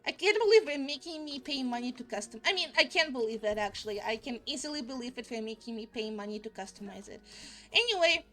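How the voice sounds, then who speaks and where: A woman's voice: fairly high pitch, lively intonation, fast talker, sharp tone, soft background music. Giggly, chatty woman streaming a game. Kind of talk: casual live-stream commentary.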